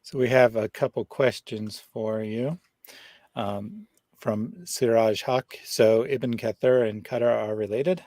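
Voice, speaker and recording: A man's voice: medium pitch, steady tone, slow pace, darkish tone, no echo. A man hosting a livestream, casually reading out viewer questions and chatting with his guest. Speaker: host. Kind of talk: livestream discussion.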